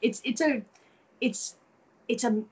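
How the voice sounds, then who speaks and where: A woman's voice: fairly high pitch, slow, breathy edge, low-quality recording. An Australian woman in her thirties, a model, talking candidly and energetically as a podcast guest. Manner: energetic, candid, swears casually. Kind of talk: casual interview chat.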